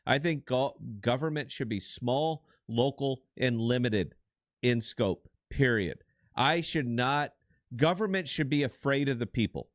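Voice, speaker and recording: A man's voice: medium pitch, lively intonation, measured pace, no room sound, studio quality. A middle-aged man co-hosting a political podcast, giving blunt, profane and emphatic commentary. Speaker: podcast co-host.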